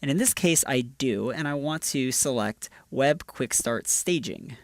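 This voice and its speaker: Man, coding screencast narration, upbeat, casual, mid pitch, dry close sound. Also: animated, measured pace, no room sound. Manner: upbeat, walks through each step with "just like that". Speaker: developer advocate presenting a tutorial.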